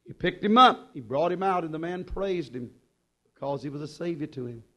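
A man preaching a sermon, impassioned and urgent, then dropping to quiet low passages. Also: brisk.

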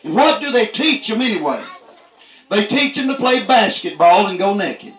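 A man preaching a fiery, folksy sermon, punctuating his points with "that's right" and rising to shouts. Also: high-pitched, sing-song, normal speed, echoey room, low-quality recording.

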